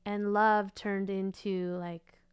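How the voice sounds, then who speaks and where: A woman co-hosting a podcast in casual chat, chatty and playful, quick to laugh. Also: mid-range voice, flat delivery, clear, resonant tone, dry recording. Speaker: podcast co-host.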